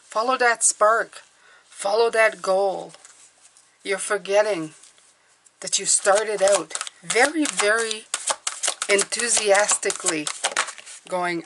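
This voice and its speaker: A woman's voice: mid-range voice, slow pace, pauses often, background noise. A woman reading tarot cards for her viewers, talking earnestly and encouragingly, often checking in with "okay?". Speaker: tarot reader.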